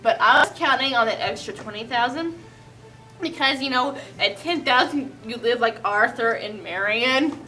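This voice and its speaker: A woman voicing a scheming young male suitor who is smooth and pushy. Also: on the high side, moderate pace, bright, forceful tone, far from the mic, soft background music. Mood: alarmed. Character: young man, scheming fortune-hunting suitor.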